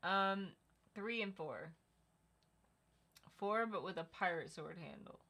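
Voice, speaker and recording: Female co-host, slightly low-pitched, bright tone, chatty livestream banter. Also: slow. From Connecticut. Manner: chatty, reads out viewer comments. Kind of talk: casual livestream chat.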